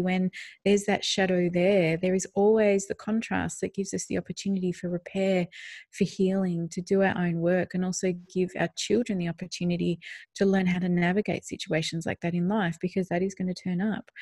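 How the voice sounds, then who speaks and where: Earnest woman podcast host, low voice. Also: warm tone, no echo, studio quality. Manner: earnest, reflective, laughs easily. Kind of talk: casual podcast chat.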